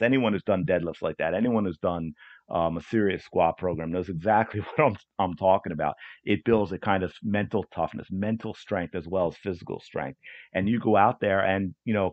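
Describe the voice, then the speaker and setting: A man with a low voice talks alone on a coaching podcast. He sounds earnest and often repeats or restarts words. The recording is dry and a little dull, with no room sound. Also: dry recording. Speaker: podcast host and soccer coach. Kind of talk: solo podcast monologue.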